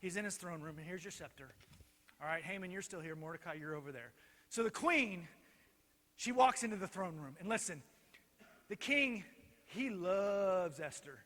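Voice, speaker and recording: A male pastor telling a Bible story in an animated, joking way while directing helpers on stage, in a reverberant church hall. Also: sits high, moderate pace, long pauses. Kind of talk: children's Bible lesson storytelling.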